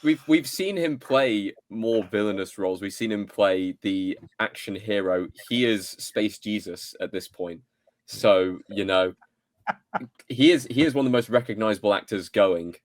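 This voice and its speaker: A man co-hosting a casual film podcast, laid-back and quick to laugh. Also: on the low side, no echo. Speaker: podcast co-host.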